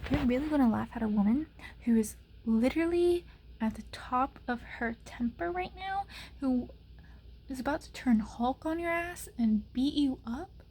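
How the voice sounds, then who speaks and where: A young woman vlogs in a casual, exasperated rant, full of sarcasm and "like" fillers. Her fairly high voice is husky and gravelly with fry. At times she sinks into a soft whisper. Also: normal speed. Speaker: ASMR channel vlogger.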